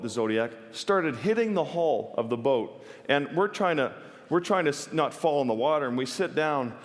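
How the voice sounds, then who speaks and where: A man giving a stage talk, telling a personal story in an earnest, vivid way with wry humor. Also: fairly high pitch. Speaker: wildlife photographer giving a talk. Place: stage in a large hall. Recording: long reverb of a large hall.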